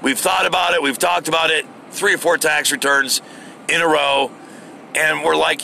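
A man's voice: a little high, fairly even intonation, moderate pace, vocal fry, sharp tone, a little hiss or hum. A middle-aged American man hosting his own podcast, ranting casually and swearing freely. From United States. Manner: profane, exasperated ranting. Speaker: podcast host. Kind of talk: casual solo rant.

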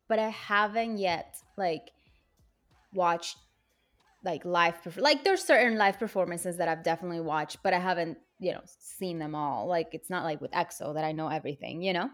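A woman's voice: lowish voice, normal speed, a bit bright, faint music behind. A woman co-hosting a podcast in casual chat, rambling and restarting her sentences with many fillers. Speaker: podcast co-host.

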